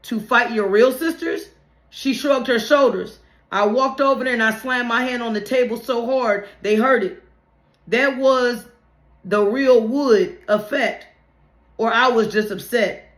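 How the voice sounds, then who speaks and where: In a roomy, echoey space, a woman reads her own memoir aloud in a plain, conversational way, with a few restarts and slips. Her voice is a little high and her pace a little slow.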